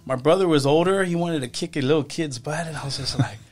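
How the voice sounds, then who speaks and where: A man as a podcast guest, telling stories from his past in a casual, halting way, often restarting his sentences. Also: fairly high pitch, darkish tone. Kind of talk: casual storytelling.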